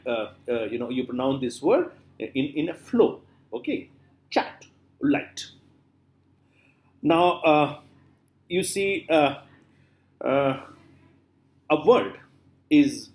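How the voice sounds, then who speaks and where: A middle-aged man giving a classroom lecture, often stopping to say example words slowly and filling pauses with "uh". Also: mid-range voice, darkish tone. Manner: repeats example words slowly, many fillers. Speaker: literature lecturer. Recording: echoey room.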